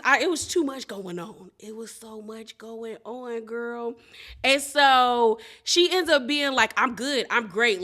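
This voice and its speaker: Woman, high voice, bright tone, casual TV recap, animated, acts out quotes. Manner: animated, laughing, quotes cast members in playful voices. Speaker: reality TV recap host.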